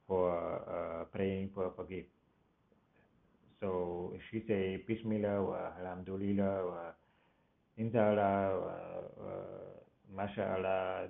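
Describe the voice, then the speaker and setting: Low gravelly man, tinny phone-like sound. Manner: halting, emotional, many restarts and broken grammar. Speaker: vlogger. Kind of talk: personal storytelling monologue.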